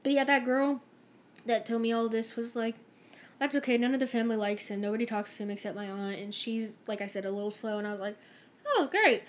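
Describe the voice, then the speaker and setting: A woman's voice: on the high side, flat delivery, quick pace. A young woman vlogger telling a story-time tale in a chatty, emphatic way, acting out the dialogue.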